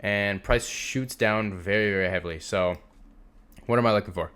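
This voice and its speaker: A man's voice: lowish voice, moderate pace, fairly bright tone, clean tone. A young man teaching a trading lesson over a screen share, casual and emphatic, repeating words for stress. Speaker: trading instructor.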